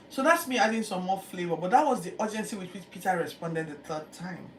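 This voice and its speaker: A Bible teacher, retelling scripture in a lively, chatty way with acted-out quotes. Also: mid-range voice, a little fast, few pauses. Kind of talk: casual Bible-reading commentary. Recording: echoey room, distant mic, background noise.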